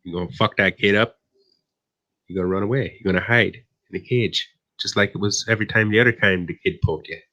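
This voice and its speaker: An Irish man co-hosting a live stream panel talks a little fast, his fairly low voice carrying a sharp tone. The chat is casual and profane as he teases and rambles, swearing frequently.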